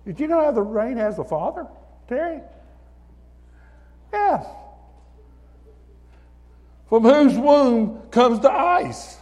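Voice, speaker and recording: A man preaching a sermon in church, building to shouted hallelujahs and calling on listeners by name. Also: very high-pitched, very animated, takes it slowly, pauses often. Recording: long reverb of a hall.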